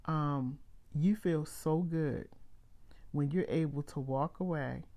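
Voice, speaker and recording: A middle-aged woman hosting a live motivational talk, speaking emphatically with drawn-out phrases and reading viewer comments aloud. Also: deep voice, dark tone. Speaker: host.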